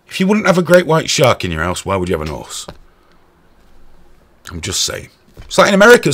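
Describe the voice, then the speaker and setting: A man hosting a podcast, telling stories in a profane, animated way. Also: medium pitch, slightly rough. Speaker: podcast host. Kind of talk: casual chat.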